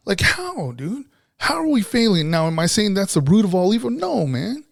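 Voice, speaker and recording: A man's voice: high-pitched, sing-song, normal speed, vocal fry, dry recording, clean studio sound. A man co-hosting a podcast, talking in a blunt, frustrated way and swearing heavily in casual chat. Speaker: podcast co-host.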